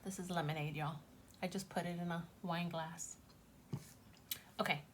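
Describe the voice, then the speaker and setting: A woman gives a tarot reading while chatting casually to viewers, gushing and addressing her audience directly. Her voice is on the low side, steady in tone, at a moderate pace, with slight background noise.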